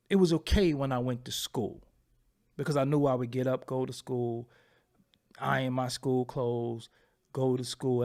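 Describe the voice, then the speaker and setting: A man with a gravelly, fry-edged voice shares a personal story with his viewers. His talk is candid and profane, and it comes in halting bursts that loop back on themselves. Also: mid-range voice, a little mellow. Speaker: channel host.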